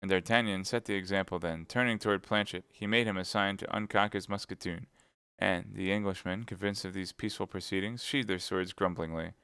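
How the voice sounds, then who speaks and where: Brief: male audiobook reader, low-pitched and smooth, measured pace, dry close mic. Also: no echo. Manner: steady, measured narration. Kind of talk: audiobook reading on a live stream.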